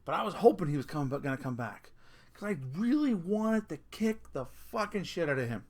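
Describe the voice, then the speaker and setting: A man's voice: on the high side, big pitch swings, fairly quick. A middle-aged man vlogging a casual rant, telling a story with swearing and laughing at himself.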